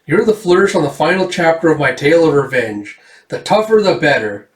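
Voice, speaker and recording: A man's voice: a little high, lively intonation, brisk, pitched above the performer's own voice, lightly acted. A man voicing a theatrical, scheming baron while reading a comic aloud. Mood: grandiose. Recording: roomy, distant mic.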